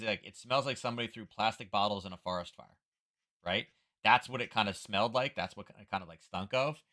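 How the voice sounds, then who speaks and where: Guy hosting a trading stream, kinda low voice, rambly casual chat w/ lots of fillers. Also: pushed and bright. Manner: rambling, chatty, fillers and wry asides. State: headache from wildfire smoke. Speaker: trading livestream host. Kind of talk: casual market commentary livestream.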